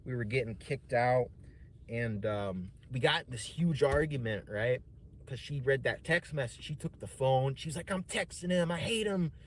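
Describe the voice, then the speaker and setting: A man's voice: medium pitch, moderate pace, slight background noise. Rambling, cursing man telling a story. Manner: rambling, profane, full of "man" and "dude". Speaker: streamer. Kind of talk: casual personal storytelling.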